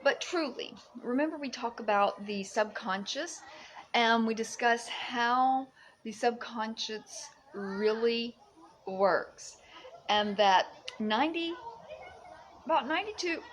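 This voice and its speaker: A woman's voice: a little high, slow, slight background noise. A woman live-streaming a casual chat to her viewers from her home, bubbly and exclamatory, often breaking into giggles. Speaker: livestream vlogger. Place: at home in Fiji.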